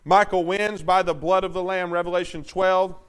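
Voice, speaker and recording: A man preaching a sermon, asking the congregation questions and swinging between loud bursts and low, intense talk. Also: steady tone, moderate pace, clear, resonant tone. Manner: emphatic, call-and-response questions to the congregation.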